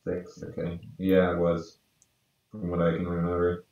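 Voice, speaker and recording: While drawing, a podcast co-host keeps up low-key casual chat and mumbles to himself. His delivery is monotone at a moderate pace, captured on a dull, faraway mic in a room with echo.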